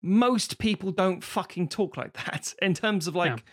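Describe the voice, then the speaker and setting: Man, podcast host, higher-pitched, animated, drops into impressions. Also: a little slow. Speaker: podcast host and web series creator. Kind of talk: casual podcast chat.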